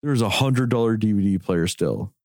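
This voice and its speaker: Man, casual chat, ranting, swearing, lively pitch, dry sound. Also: moderate pace, no room sound. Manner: animated ranting, heavy swearing.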